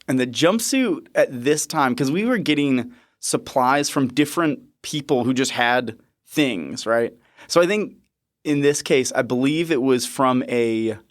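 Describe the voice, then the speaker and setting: A man in his thirties, a podcast host and nurse, telling a story in a lively, chuckling way. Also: mid-range voice. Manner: lively, chuckling, animated retelling. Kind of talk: casual storytelling.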